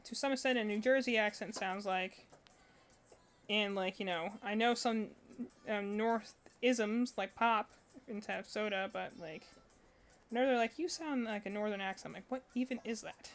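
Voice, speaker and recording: A woman's voice: a little high, normal speed. A young woman streaming from home, chatting casually and rambling with lots of fillers and laughs. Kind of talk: casual chat while crocheting. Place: home with barking dogs.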